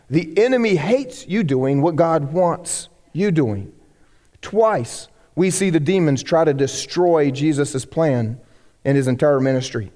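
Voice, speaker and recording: A man preaching a sermon as pastor, animated and acting out the people he quotes. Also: high-pitched, in a large hall. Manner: animated, acts out quoted voices. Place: church sanctuary.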